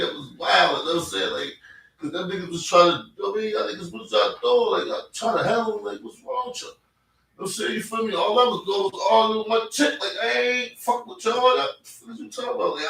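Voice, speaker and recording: A man's voice: high voice, vocal fry, fairly bright tone. A man telling a personal story in casual talk, rambling in street slang and checking in with "you feel me" again and again. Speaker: podcast host. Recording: echoey room, mic at a distance.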